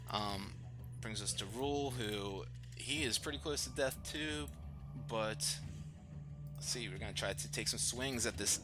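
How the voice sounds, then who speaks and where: A man narrating as dungeon master in a live tabletop game, describing the action in an easygoing way and laughing often. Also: mid-range voice. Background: background music.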